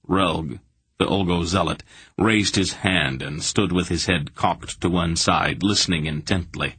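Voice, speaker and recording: A man narrating a fantasy audiobook in a steady, measured storytelling manner. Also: low voice, husky, no echo.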